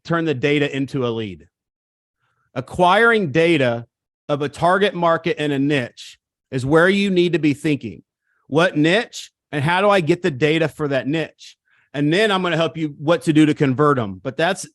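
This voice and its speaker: A man giving an energetic, repetitive pep-talk style coaching seminar on real estate over a video call. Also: fairly high pitch, dry recording.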